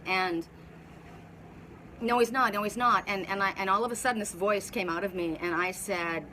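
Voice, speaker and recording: A woman's voice: mid-range voice, pushed and bright, a little hiss or hum. A woman spiritual teacher talking casually on a live video, telling a story in a rambling way with many restarts. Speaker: spiritual teacher and oracle reader.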